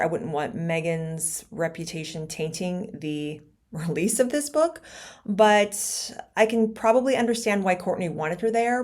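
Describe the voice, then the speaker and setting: Chatty, sarcastic woman vlog host. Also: on the low side. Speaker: YouTube commentary host. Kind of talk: casual commentary vlog. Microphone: personal microphone.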